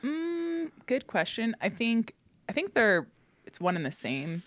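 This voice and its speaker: A woman's voice: on the high side, big pitch swings, a little slow. A woman co-hosting a podcast in casual chat, teasing and asking blunt questions. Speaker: podcast co-host.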